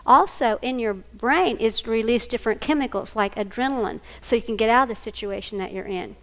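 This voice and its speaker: A woman's voice: fairly high pitch, a little fast. An older woman, a grandmother, presenting a live training workshop and quizzing her audience. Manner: animated, asks the audience questions.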